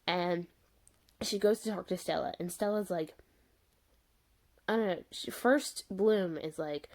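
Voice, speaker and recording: A woman's voice: on the low side, measured pace, pauses often. A young woman ranting through a casual video review, exasperated and rambling, with lots of fillers. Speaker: vlogger reviewing a show.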